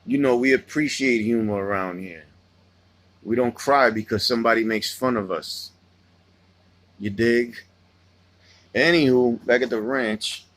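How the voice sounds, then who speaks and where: A man's voice: mid-range voice, unhurried, long pauses, fairly bright tone, dry recording. A man hosting a casual livestream, rambling and swearing freely as he tells stories and answers chat. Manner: loose, profane, rambling storytelling. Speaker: livestream host reading chat.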